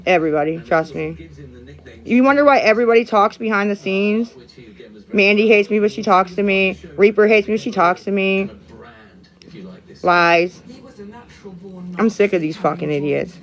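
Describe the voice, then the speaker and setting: A woman's voice: on the high side, muffled recording. Sarcastic, foul-mouthed woman live streamer. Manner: sarcastic, profane, rambling. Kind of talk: casual live-stream chat.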